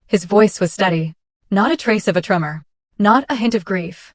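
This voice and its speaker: A woman reading a first-person story as scripted narration, in a steady, measured way. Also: medium pitch, no room sound, clean studio sound.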